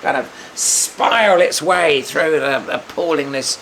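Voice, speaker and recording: An older man telling a rambling one-man comedy monologue on stage, halting and restarting often. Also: fairly high pitch, vocal fry, a bit bright, a little hiss or hum. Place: theatre stage.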